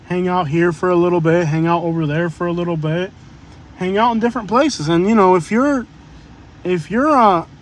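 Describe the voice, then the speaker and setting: A man's voice: sits high, normal speed. A man chatting casually to his live-stream viewers from a car on a beach road, rambling and joking.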